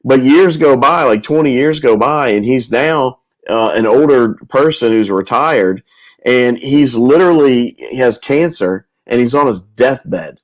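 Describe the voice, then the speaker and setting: Male host, mid-pitched, casual storyteller, repeats and restarts a lot. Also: animated, a little slow, poor audio. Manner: rambling, with many restarts and repetitions.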